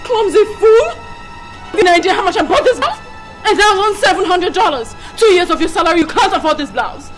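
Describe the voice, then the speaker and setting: An actress playing a vain, haughty female celebrity who is quick to rage and insults people. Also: sing-song, reverberant, over music. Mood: furious. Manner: imperious, shrill and insulting when angry. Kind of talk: Nollywood film acting.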